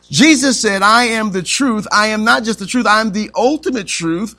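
A man's voice: high voice, normal speed, hardly any pauses, bright, forceful tone. A man preaching a sermon who stops to ask the congregation to fill in words and stretches out the key phrases for emphasis. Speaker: pastor.

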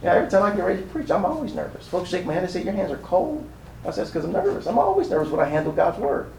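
A man's voice: high-pitched, big pitch swings, racing, creaky, a little mellow, reverberant, far from the mic, a little hiss or hum, poor audio. A man preaching a sermon as pastor, building his points with emphasis and repetition.

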